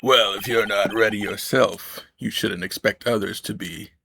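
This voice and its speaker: A man's voice: on the low side, fairly even intonation, normal speed, gravelly, pushed and bright, no echo, full character voice. A man voicing a cold, cocky male prosecutor in a fan dub of a video game, blunt and mocking. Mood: scornful.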